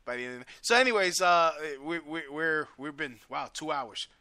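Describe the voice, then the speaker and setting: A man hosting a casual talk show, full of crude, rapid-fire jokes and frequent laughter. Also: a little high, animated, a crowd in the background. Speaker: show host. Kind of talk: casual comedic chat.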